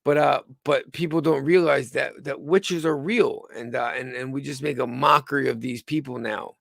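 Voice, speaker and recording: A male host of a home live-stream news show, tired and a bit unwell, talking in halting bursts full of restarts. His voice sits at a mid pitch with a gravelly, creaky edge. The sound is dry and close, recorded on a computer mic. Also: steady tone, no echo. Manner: halting, with many restarts and stumbles. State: tired and under the weather. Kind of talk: rambling live-stream chat.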